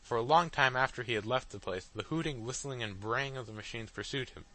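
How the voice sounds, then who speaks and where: A male audiobook narrator reading a classic novel in a steady, literary manner. His voice is bright and forceful, at an average pitch for a man. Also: brisk, no echo, low-quality recording. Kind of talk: scripted narration.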